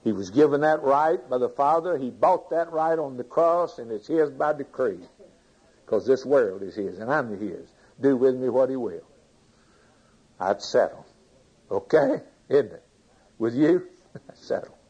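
A man's voice: mid-range voice, lively intonation, unhurried, a little mellow, slightly rough, poor audio. A man preaching a sermon, reading scripture aloud, commenting on it and putting questions to his congregation.

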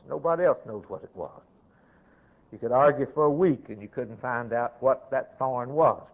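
A man preaching a sermon, emphatic, moving between loud declarations and quiet, dropped-off asides. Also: fairly high pitch. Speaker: pastor. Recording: tinny, narrow-band old sermon recording.

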